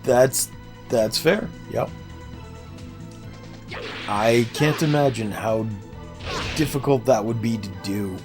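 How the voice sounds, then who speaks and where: A man's voice: medium pitch, takes it slowly, long pauses, over music. A man streaming a game, chatting casually and self-deprecatingly with viewers while nursing a sore throat. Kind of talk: casual gameplay livestream chat.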